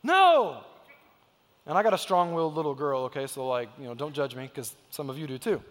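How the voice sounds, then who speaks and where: A man's voice: medium pitch, quick pace, in a large hall. A man in his thirties preaching a sermon in a church sanctuary, telling stories emphatically and acting out the quotes. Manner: emphatic storytelling, acts out quotes. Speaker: pastor.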